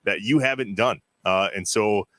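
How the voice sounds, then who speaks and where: Low-voiced admiring interview host. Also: male voice, normal speed, a bit bright, dry recording. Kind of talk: casual interview chat.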